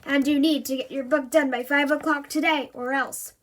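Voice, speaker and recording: A woman's voice: sits high, fairly even intonation, close to an everyday voice. A woman voicing a busy, bossy male publisher while reading a children's book aloud. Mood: brisk. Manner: brisk, bossy.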